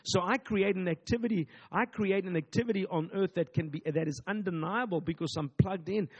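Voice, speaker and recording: Male pastor, fairly high voice, emphatic repetitive preaching style. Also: brisk, few pauses, highs cut off. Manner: emphatic, repetitive preaching with call-and-response asides. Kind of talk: sermon.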